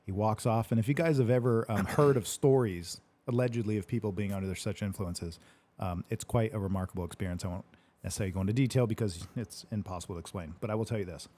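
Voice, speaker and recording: A man's voice: on the low side, fast talker, mellow. A man hosting a casual question-and-answer chat, rambling through a story, laughing often and swearing casually. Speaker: host answering live questions.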